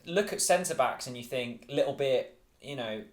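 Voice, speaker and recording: A man's voice: mid-range voice, lively intonation, normal speed. A man co-hosting a football podcast, speaking with a dry, teasing humour. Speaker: podcast co-host. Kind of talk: casual football chat. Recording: roomy echo.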